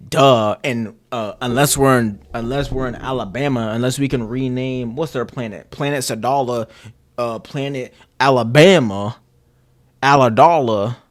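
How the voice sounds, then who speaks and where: A man streaming, chatting casually, rambling with slang, swearing and frequent restarts. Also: medium pitch. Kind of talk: casual chat.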